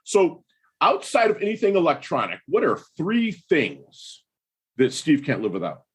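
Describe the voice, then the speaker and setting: Husky, effusive male podcast host. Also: on the high side, huge pitch swings, measured pace. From US Midwest. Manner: effusive, slangy, calls guest dude and brother. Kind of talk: casual interview.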